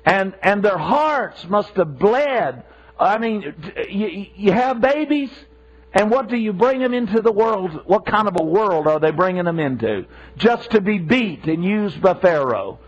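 A man's voice: high-pitched, lively intonation, measured pace. A man preaching a sermon with passion, repeating himself for emphasis. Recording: dull lo-fi sermon recording.

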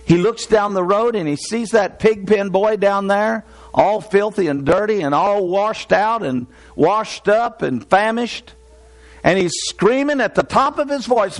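A man's voice: extremely high pitch, lively intonation, unhurried, fairly bright tone. A man preaching a sermon with passion, building through repeated phrases. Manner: impassioned, repetitive preaching cadence.

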